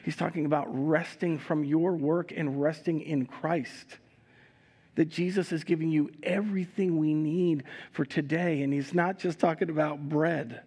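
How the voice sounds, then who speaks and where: A man with a slightly higher-than-average voice preaches a communion sermon during a live church service. He reads scripture with expression and moves easily into relaxed, chatty asides for the congregation. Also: unhurried, husky. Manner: reads scripture expressively, raising voice for quoted speakers. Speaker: pastor.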